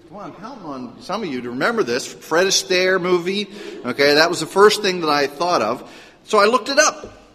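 A male pastor giving a conversational sermon, telling stories with lively asides. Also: on the high side, big-room sound.

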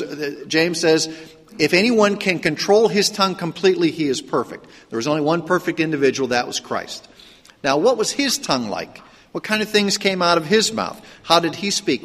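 A man's voice: fairly high pitch, a bit bright, in a large hall. A man from Pittsburgh with a trace of a Pittsburgh accent, preaching a sermon as a pastor in a conversational way, full of rhetorical questions and restarts. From Pittsburgh, Pennsylvania. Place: church sanctuary.

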